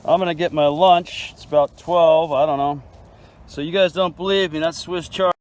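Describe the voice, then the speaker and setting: Filmed on a handheld phone, this laid-back guy strolls through his farm garden outdoors, chatting and addressing viewers as "man" and "dude" while occasionally chewing. His voice sits high but has a darkish tone, with fairly even intonation and a moderate pace, and the audio quality is rough.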